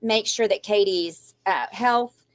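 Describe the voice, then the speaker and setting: A woman's voice: mid-range voice, slow. Anxious rambling older woman. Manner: shaky, rambling and anxious, then defiantly upbeat. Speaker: craft channel host. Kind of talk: emotional live chat to viewers.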